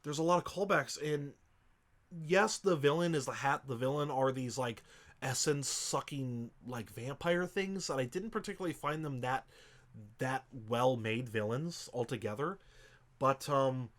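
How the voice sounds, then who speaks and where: A man's voice: medium pitch, normal speed, a bit bright. A man co-hosting a casual movie review podcast. He rambles with passion, swears often and gets emotional. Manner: emotional, chokes up. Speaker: podcast co-host.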